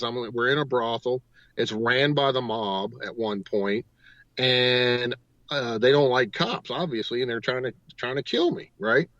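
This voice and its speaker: A man's voice: mid-range voice, a bit bright, no room sound. A man, a paranormal investigator, telling a long story as a guest on a talk radio show, rambling on from one "and" to the next. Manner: rambling storyteller, strings clauses with "and". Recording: dull, dry lo-fi audio.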